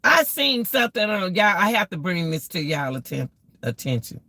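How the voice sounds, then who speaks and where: A woman's voice: fairly low pitch, very animated, moderate pace, gravelly, bright, forceful tone, no echo. A woman giving casual life advice to her viewers, preachy, repetitive and emotional. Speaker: vlogger.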